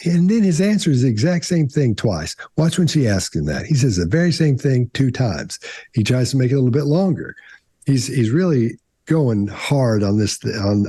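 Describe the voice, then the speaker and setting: Sitting on a panel, a middle-aged man offers casual analysis of body language, rambling, restarting often, and acting out quotes as he self-corrects. He has a husky, dark-toned voice of medium pitch, captured in clean studio sound with no room sound.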